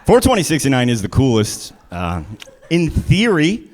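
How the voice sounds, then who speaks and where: A man performing live stand-up comedy, animated and prone to sudden loud shouts. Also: medium pitch, normal speed.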